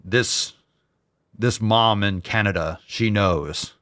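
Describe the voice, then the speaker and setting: A man with a fairly low voice delivers a heated solo rant as a show host. He swears constantly, drips with sarcasm and hammers his points by repeating them. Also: slow, a bit bright. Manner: repeats phrases for emphasis. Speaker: podcast host. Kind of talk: solo ranting commentary.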